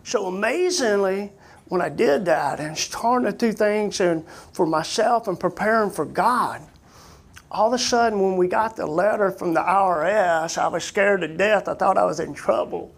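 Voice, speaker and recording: A man's voice: high voice, moderate pace, vocal fry. A man who works as a missionary, earnestly and animatedly telling his personal testimony in folksy, plain-spoken grammar.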